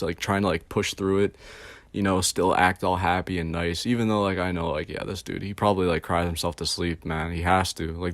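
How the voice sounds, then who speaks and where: A young man with a low voice tells a rambling, profane story, stuffing his sentences with filler words. The sound is close and dry, with no room echo. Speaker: host. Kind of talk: casual storytelling.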